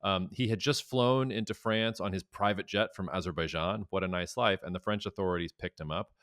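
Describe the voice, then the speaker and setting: A man co-hosting a podcast, giving casual analysis in a measured, explanatory way. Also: sits low, a bit bright, no echo, clean studio sound. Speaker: co-host analyst.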